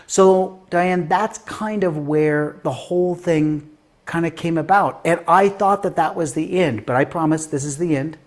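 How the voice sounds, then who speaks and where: A middle-aged man, a guest author and science educator, telling anecdotes in an interview. He acts out the voices of the people in his stories and swings between loud, quick bursts and slow, quiet lines. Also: a little high. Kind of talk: animated storytelling in an interview.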